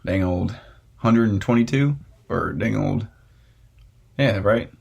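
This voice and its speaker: A man's voice: lowish voice, takes it slowly, creaky, darkish tone, slightly rough. A young man hosting a casual podcast chat, ranting and swearing with frequent laughs. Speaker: podcast host.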